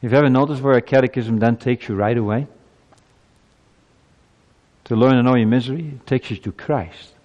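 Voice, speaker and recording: A man in his fifties preaching a sermon, moving from quiet reflection to loud, urgent appeals. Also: medium pitch, normal speed, pauses often, dull audio. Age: 50s.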